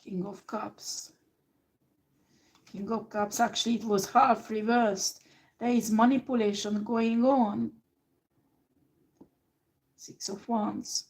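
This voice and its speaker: A woman with a fairly high voice giving a tarot reading. She speaks emphatically and straight at the listener, and she swears now and then. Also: steady tone, takes it slowly, pauses often, a little mellow, low-quality recording. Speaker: tarot reader.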